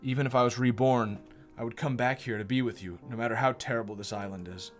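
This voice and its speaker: A man voicing a frail, gentle young woman who is ill, speaking softly and tenderly. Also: mid-range voice, steady tone, fast, soft background music, close to an everyday voice.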